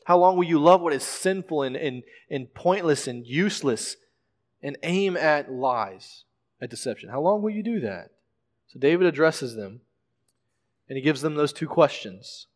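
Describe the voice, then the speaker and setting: A male pastor preaching a sermon in a measured way, often repeating words as he explains scripture. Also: a little high. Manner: measured preaching with frequent word repetitions. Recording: long reverb of a large hall.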